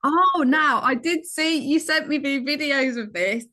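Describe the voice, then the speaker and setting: A woman's voice: high-pitched, unhurried, bright, forceful tone. A woman co-hosting a podcast in casual chat, encouraging and chiming in with short replies. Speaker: podcast co-host.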